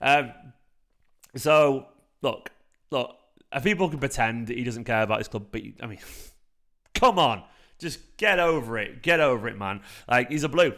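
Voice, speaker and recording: Chatty Manchester lad on a live stream. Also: male voice, medium pitch, moderate pace, long pauses. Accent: light Manchester. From South Manchester, England. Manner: rambling, animated, swears freely, frequent fillers. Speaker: football fan channel host. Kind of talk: casual live-stream chat.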